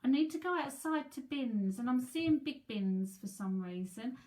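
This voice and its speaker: A woman's voice: high-pitched, animated, unhurried, darkish tone. An English woman giving a live tarot reading from home, chatty, talking to viewers by name and often repeating her words. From England. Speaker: psychic tarot reader.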